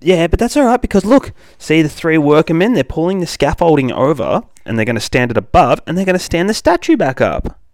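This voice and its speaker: A man's voice: fairly high pitch, big pitch swings, a little fast, darkish tone, dry recording, clean studio sound. A man reading a comic aloud to his young child, playful and sing-song, with big reactions. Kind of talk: animated comic read-aloud.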